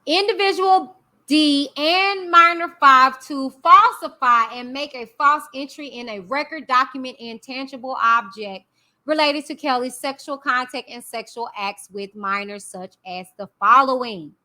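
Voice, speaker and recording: Slow-talking high-voiced woman commentator. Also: bright, forceful tone. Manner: chatty, reacts with drawn-out hums. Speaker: commentator reading a court document. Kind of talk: casual live-stream commentary.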